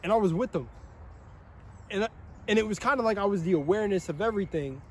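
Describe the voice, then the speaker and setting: A young man rambling in a monologue, excitable and swearing often, laughing between phrases. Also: high-pitched, fast, a little hiss or hum. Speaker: vlogger.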